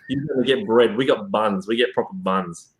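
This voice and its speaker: A man's voice: on the low side, normal speed, low-quality recording. A man co-hosting a live stream, trading playful banter. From Australia. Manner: playful banter, swears casually. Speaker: co-host of a live reselling show. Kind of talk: casual live-stream chat.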